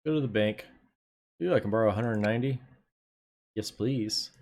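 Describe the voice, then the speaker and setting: A man's voice: on the low side, normal speed, darkish tone. A man streaming a game, chatting casually to his viewers, laid-back and swearing now and then. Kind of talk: casual live gameplay commentary.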